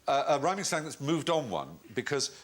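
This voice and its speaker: A man's voice: fairly high pitch, big pitch swings, brisk. A man hosting a comedy quiz panel show, telling playful anecdotes in a wry manner. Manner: wry, playful, storytelling delivery.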